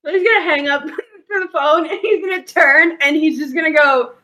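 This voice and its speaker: Bright-voiced woman game master. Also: sits high, moderate pace, low-quality recording. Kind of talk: narrating a tabletop game.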